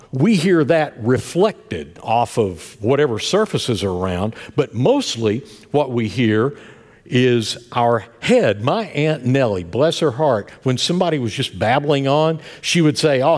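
An older man with an Appalachian accent preaching a sermon, telling folksy family stories with warm asides. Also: mid-range voice, big pitch swings, unhurried. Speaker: pastor.

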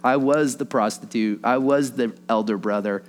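A man's voice: mid-range voice, moderate pace, faint music behind. A man preaching a sermon in a casual storytelling way, chuckling through anecdotes and posing rhetorical questions. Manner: chatty, laughs while telling stories, rhetorical questions.

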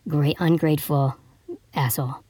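A man's voice: a little high, steady tone, moderate pace, dark tone, slightly rough, no room sound. A man voicing a cocky, know-it-all ancient fabulist in a comic story, speaking in a profane, defensive way. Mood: defiant.

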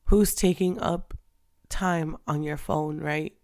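A young woman with a lowish, gravelly voice talks unscripted about faith and dating, candid and chatty. She laughs often and moves between hushed asides and loud, preacher-like stretches. The sound is dry and close. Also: steady tone, slow pace, no room sound. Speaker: faith-based podcast host. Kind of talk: unscripted casual girl talk. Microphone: audio only, not on camera.

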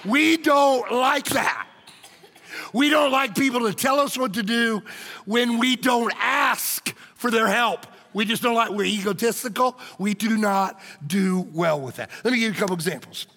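A male pastor preaching a sermon in a church, animated and joking, calling out to the congregation. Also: very high voice, measured pace, creaky, long reverb tail, slight background noise. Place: church sanctuary.

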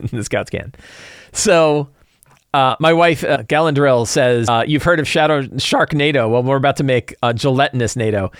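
A man's voice: medium pitch, moderate pace, clear, resonant tone, no echo, studio quality. A man preparing his tabletop game session, rambling with many restarts in casual talk. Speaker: game master.

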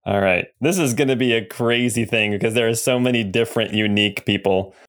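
A man's voice: on the low side, brisk, a bit bright. Easygoing male game master. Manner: easygoing, narrates with frequent fillers and laughs. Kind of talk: narrating a tabletop game.

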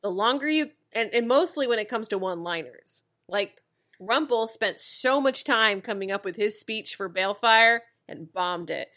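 A woman's voice: medium pitch, expressive, moderate pace, fairly bright tone. A woman co-hosting a casual podcast, recapping a TV episode in a chatty way, often restarting her sentences and laughing as she talks. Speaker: podcast co-host.

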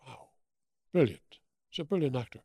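Older man, German accent, gravelly, dry close sound, lively storytelling. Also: mid-range voice, normal speed, no echo. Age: 80s. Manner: animated anecdotes with acted-out quotes. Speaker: guest. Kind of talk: storytelling interview.

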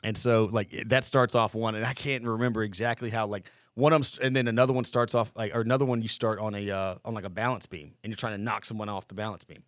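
A man's voice: lowish voice, steady tone, fast talker, few pauses, fairly bright tone, no room sound, clean studio sound. A man telling boot camp war stories in a casual podcast chat, profane and rambling, full of filler words. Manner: rambling, profane, lots of "like" and "dude".

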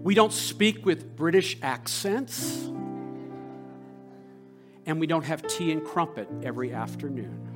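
An American man, a rabbi, preaching a sermon with passion and rhetorical questions, swinging between loud and hushed. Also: on the high side, very animated, unhurried, long pauses, over music. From United States.

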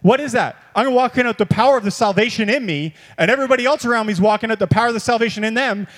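A man preaching a sermon as a pastor, animated and repetitive, moving between quiet reflection and bursts of excitement. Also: very high-pitched, racing. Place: church hall. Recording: long reverb of a church hall.

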